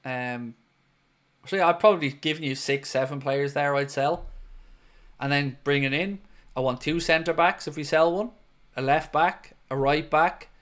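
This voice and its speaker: A man talks football on a live fan stream, his voice sitting a little high. He is blunt and opinionated, says "um" often, and keeps the talk loose and conversational. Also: a little slow, a bit bright. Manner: opinionated, blunt, with frequent "um" and "look". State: has the hiccups. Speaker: football fan channel host. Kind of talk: live-stream football chat reading viewer comments.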